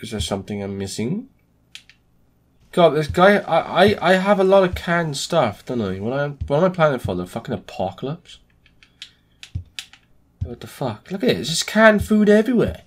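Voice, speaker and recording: A man doing let's play commentary on a horror game, excitable and jumpy, swearing often. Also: on the high side, moderate pace, long pauses. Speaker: gaming streamer.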